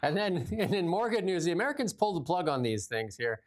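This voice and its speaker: Blunt, animated talk show host man. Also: high-pitched, quick pace. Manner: animated, blunt, laughs often. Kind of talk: casual political talk show chat.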